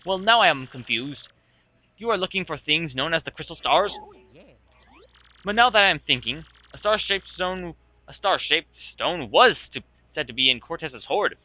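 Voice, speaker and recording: A man's voice: on the high side, expressive, normal speed, pitched above the performer's own voice, close to an everyday voice. A man hamming up a pompous vain merchant. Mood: haughty. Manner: pompous, theatrical, grandiose. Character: vain flamboyant male merchant captain. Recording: dull lo-fi with music.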